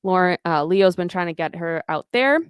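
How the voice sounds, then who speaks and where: Low, smooth-voiced woman recapping. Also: lively intonation, normal speed, no echo, clean studio sound. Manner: retells scenes, voicing lines of dialogue. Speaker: podcast co-host. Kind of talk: casual book recap chat.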